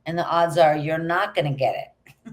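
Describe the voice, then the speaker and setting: Woman, middle-aged, chatty guest, low-pitched voice, laughs often. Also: moderate pace. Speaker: actress guest. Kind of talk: casual interview chat.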